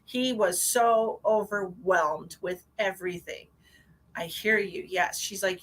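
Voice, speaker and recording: A woman giving a live-streamed psychic reading in a chatty, animated way, with many restarts and a lot of "like". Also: medium pitch, a little slow, low-quality recording. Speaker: psychic medium.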